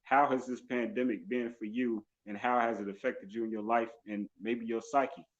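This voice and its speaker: A man's voice: mid-range voice, fairly even intonation, moderate pace, highs cut off. A male interview host with an upbeat, encouraging, repetitive way of talking. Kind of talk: casual live-stream interview.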